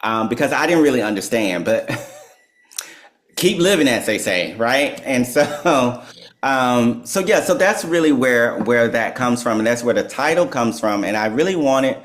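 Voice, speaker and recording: A man, a psychologist and author, telling a story in conversation, animated, laughing often and peppering his talk with "like" and "right?". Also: medium pitch, measured pace. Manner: animated storyteller who laughs and acts out quotes; filler-heavy with "like" and "right?".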